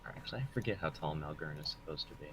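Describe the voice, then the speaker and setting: A man playing in a tabletop game, talking casually with a rambling, halting manner. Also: very deep voice, background noise. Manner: rambling, restarts, swears. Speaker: player.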